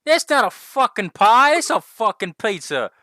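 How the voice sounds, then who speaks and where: A man voicing a brash man, loud and indignant in a drawn-out way. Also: high voice, big pitch swings, voice pushed up, heavily acted. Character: brash loud Chicago guy ranting about pizza.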